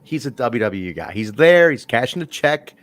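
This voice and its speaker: A man co-hosting a casual wrestling review chat, telling stories in a rambling, animated way. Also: medium pitch, normal speed, no room sound. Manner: rambling, animated storytelling with laughs. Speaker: podcast co-host reviewing wrestling.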